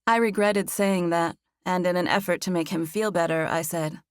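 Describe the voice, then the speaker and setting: A woman narrating a first-person romance audiobook with an expressive read, close on a studio mic. Her voice sits a bit low for a woman and the recording is dry, with no room sound at all. For the heroine's nervous lines she lifts her pitch high. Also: normal speed, clean tone, dry recording.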